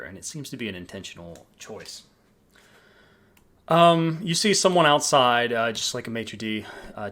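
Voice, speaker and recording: Casual, halting tabletop game master, animated pitch. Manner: halting, lots of ums.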